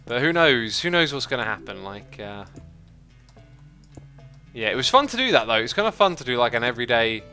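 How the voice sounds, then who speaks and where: A man's voice: medium pitch, sing-song, a little fast, pauses often, pushed and bright, soft background music. A man casually chatting with viewers on a livestream as he plays, reading chat messages aloud and thinking aloud with frequent fillers and restarts.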